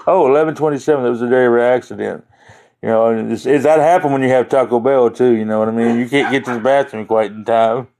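A man's voice: medium pitch, fast, darkish tone. Rambling man on a livestream. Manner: folksy, joking, easily sidetracked. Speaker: livestream host. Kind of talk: rambling live-stream chat.

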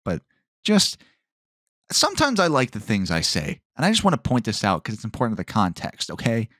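A man's voice: fairly low pitch, wildly swooping pitch, brisk, a bit bright, dry recording. A man hosting a solo podcast, rambling and stopping himself mid-thought, in a dry tone that sounds sarcastic. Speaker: podcast host.

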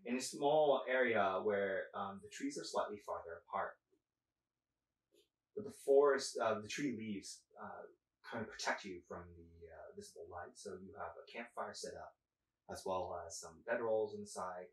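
A man narrating as game master, halting with many fillers. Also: fairly low pitch. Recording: echoey room, distant mic.

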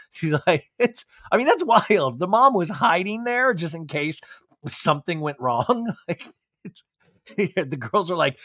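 A man's voice: on the high side, a bit bright, no room sound, studio quality. A young adult man hosting a podcast, recapping TV with chatty, sarcastic asides. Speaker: podcast host. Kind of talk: comedic TV recap.

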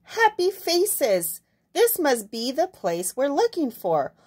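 A woman's voice: high-pitched, wildly swooping pitch, slow pace, darkish tone, pitched above the performer's own voice, full character voice. A woman voicing a bored, bossy little female hen in a picture book she reads aloud, insistent and squawking. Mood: determined.

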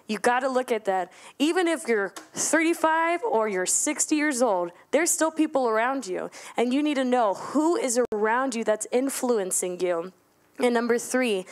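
A young woman giving a casual, playful sermon at a church service, joking with the congregation between points. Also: fairly high pitch. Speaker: youth speaker at church service.

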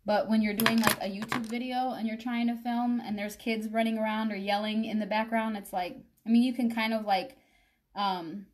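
A woman's voice: on the high side, fairly even intonation, normal speed. A young woman chatting casually on a live makeup stream, rambling and addressing her viewers directly. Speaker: makeup vlogger.

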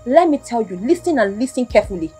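A woman's voice: a little high, very animated, fast, warm tone, slightly rough, faint music behind, exaggerated voice. A woman playing a defiant young Nigerian daughter. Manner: defiant, taunting. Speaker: daughter confronting her father. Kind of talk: Nollywood drama acting.

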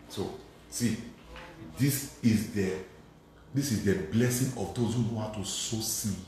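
Priest preaching, lively up and down voice, repeats himself, big echo. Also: male voice, mid-range voice. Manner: emphatic, repeats phrases, acts out dialogue. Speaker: Catholic priest. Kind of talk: preaching sermon with testimony. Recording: very echoey hall.

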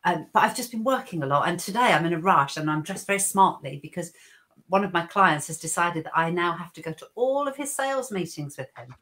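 A middle-aged woman chatting on a video call, wry and teasing, quick to laugh. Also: on the low side, animated, a bit bright. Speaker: regular guest. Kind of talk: casual chat.

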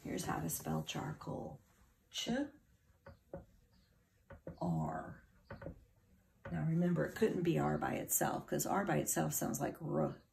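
Middle-aged woman teacher, low gravelly voice, slow and patient phonics delivery for kids. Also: very animated, darkish tone, a little hiss or hum. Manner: patient, encouraging, spells words out letter by letter. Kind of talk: phonics lesson for children.

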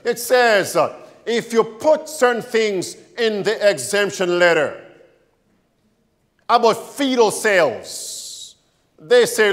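A preacher delivering a sermon in a high, swooping voice that rises and falls widely. He speaks slowly and with emphasis, pushing rhetorical questions at his listeners. His words ring through a long hall reverb. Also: big pitch swings, a bit bright.

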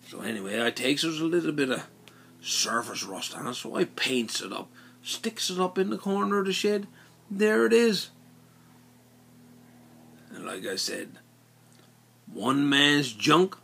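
A man's voice: mid-range voice, creaky, husky. A man telling a casual folksy story in local dialect. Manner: animated, folksy dialect narration.

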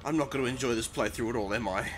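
A man's voice: medium pitch, very fast, slight background noise. A man hosting a let's play, easily frightened and blurting nervous exclamations as he plays. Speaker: gaming channel host. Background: game music.

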